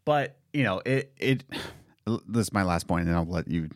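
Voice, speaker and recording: A man's voice: low voice, expressive, normal speed, no echo, studio quality. Fired-up man ranting in casual chat. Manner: heated, rambling, many restarts. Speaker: podcast co-host.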